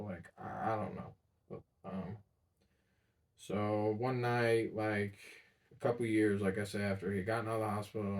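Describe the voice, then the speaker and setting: Halting young man, far from the mic. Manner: halting, trailing off, many fillers and restarts; subdued and low-key. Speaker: vlogger. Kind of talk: personal confessional storytelling. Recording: voice sounding distant from the mic.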